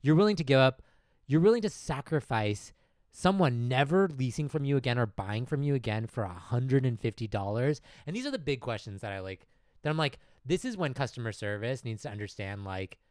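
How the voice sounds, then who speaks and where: A man's voice: mid-range voice, a little fast, no room sound, studio quality. Laughing man telling a story. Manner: animated, laughs often while telling a story. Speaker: podcast host. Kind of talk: casual comedic storytelling.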